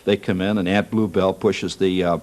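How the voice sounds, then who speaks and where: A man's voice: sits low, little pitch movement, moderate pace, darkish tone. A man hosting a TV talk show, doing a jokey, wry comic monologue and laughing at his own jokes.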